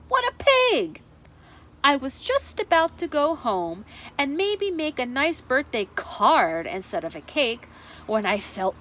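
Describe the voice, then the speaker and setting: Woman voicing a sly excuse-making wolf, wheedling, lively high voice, storybook. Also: slight background noise, heavily acted. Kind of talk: storybook read-aloud.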